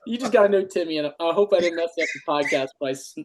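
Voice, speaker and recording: A man's voice: on the high side, expressive, fast, slight background noise. A middle-aged man, a retired army dog handler, telling stories on a podcast, swearing freely and laughing often. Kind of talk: casual storytelling chat.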